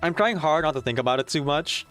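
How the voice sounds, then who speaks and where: A man's voice: fairly high pitch, lively intonation, brisk, a bit bright, faint music behind. A young man chatting casually on a live stream, reading chat aloud, a bit nervous and laughing.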